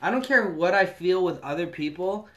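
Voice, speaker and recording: A man's voice: sits high, lively intonation, moderate pace, fairly bright tone. A man in his thirties, telling a personal story in casual, profane podcast chat.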